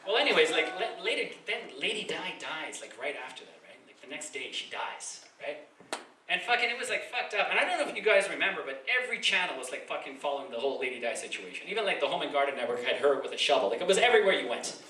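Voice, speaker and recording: Chilean comedian, lively, echoey club recording. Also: male voice, fast talker. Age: 30s. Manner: casual, profane, rambling with frequent "like" fillers; jumps into loud high-pitched voices when acting out scenes. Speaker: stand-up comedian. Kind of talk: live stand-up comedy. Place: comedy club with a live audience. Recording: echoey club from far off, loud noise.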